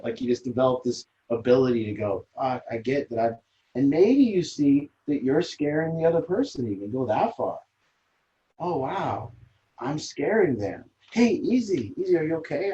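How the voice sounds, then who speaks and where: A man's voice: mid-range voice, a little mellow, lo-fi sound. A man leading a recovery support group, talking earnestly and emphatically, often repeating phrases as he explains. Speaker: group leader.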